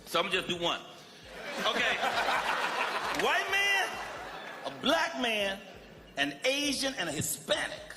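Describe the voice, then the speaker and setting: A man's voice: very high voice, very animated, unhurried, long pauses, reverberant, noisy background. A man telling stand-up jokes, laughing through his own lines. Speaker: stand-up comedian.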